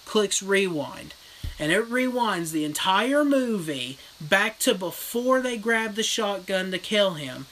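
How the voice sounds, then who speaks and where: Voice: mid-range voice, slow pace, slight background noise, low-quality recording. A horror vlogger in a casual livestream rant, retelling a film bluntly with lots of swearing. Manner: blunt, profane, animated storytelling. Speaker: horror vlogger reading live chat.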